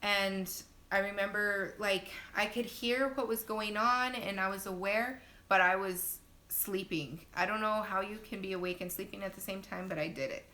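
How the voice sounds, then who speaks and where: A young woman tells a story on a phone live stream, chatty and quick to laugh. Her voice is bright and clear at a middle pitch. She keeps jumping into loud, high bursts when she acts out what people said. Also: steady tone. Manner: laughs often, many fillers. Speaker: new mother telling her birth story.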